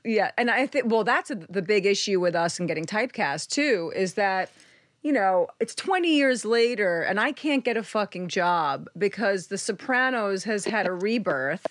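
A woman's voice: mid-range voice, animated, moderate pace, no echo, clean studio sound. A woman of fifty from Queens with a New York accent, hosting a chat show and swearing freely. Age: 50s. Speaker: podcast host. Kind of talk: casual chat.

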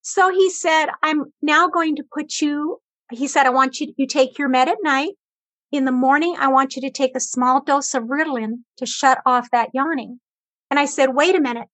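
A woman's voice: high voice, normal speed, a bit bright, dry recording. A woman guest on a talk show, earnestly retelling her experiences with quoted back-and-forth dialogue. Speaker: guest sharing cancer experience. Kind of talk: conversational storytelling.

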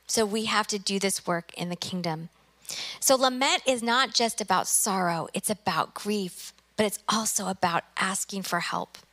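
A middle-aged woman pastor delivers a fervent sermon with a bright, ringing voice. She presses her points with emphatic repetition, urging her listeners on. Her voice sits at an ordinary pitch. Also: moderate pace. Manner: emphatic, exhorting, repeats phrases for effect.

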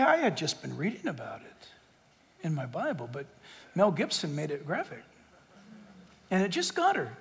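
A middle-aged male pastor preaching a sermon, emphatic and full of rhetorical questions, swinging between loud declarations and hushed asides. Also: fairly high pitch, wildly swooping pitch, normal speed, creaky, pauses often. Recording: long reverb of a big hall.

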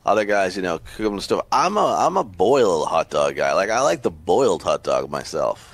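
A man's voice: sits low, brisk, dry recording. A man co-hosting a sports radio show, chatting casually and playfully, throwing questions at his partner. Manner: animated, jokey, throws questions.

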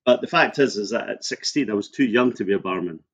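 A middle-aged Scottish man who grew up in Scotland, a guest in a casual interview, telling stories in a relaxed way and laughing easily. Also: on the low side, fast talker, highs cut off.

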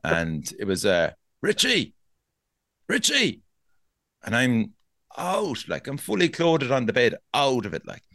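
A man's voice: medium pitch, normal speed, dry recording. A man with a Cork Irish accent hosting a podcast, telling a rambling anecdote in casual chat and swearing freely. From Ireland. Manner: swearing, animated anecdote-teller. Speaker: podcast host.

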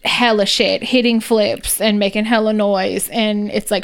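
Slangy woman with a gravelly voice. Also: mid-range voice, steady tone, moderate pace. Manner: casual, slangy, frequent agreeing. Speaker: podcast co-host. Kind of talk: casual chat.

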